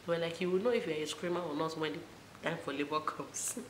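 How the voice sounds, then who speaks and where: Young woman, low voice, casual storytelling vlog, animated, echoey room. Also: fairly quick. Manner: animated retelling, voices rising high for quoted moments. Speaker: vlogger. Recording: echoey room with faint noise.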